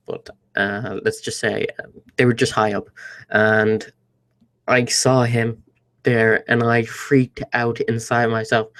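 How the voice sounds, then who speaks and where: A man's voice: mid-range voice, clean tone. A young man from Ireland with an Irish accent, telling a story in a nervous, rambling way full of fillers and restarts. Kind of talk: casual storytelling vlog.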